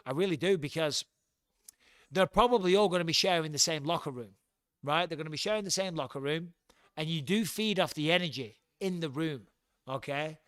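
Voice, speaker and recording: A middle-aged man with an English accent talks loosely through a livestream from his home, blunt and quick to swear. His voice sits a little high for a man. The sound is dry and close, with no room around it. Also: a bit bright, no echo. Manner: chatty, blunt, swears freely. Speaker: livestream host. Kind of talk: casual livestream chat.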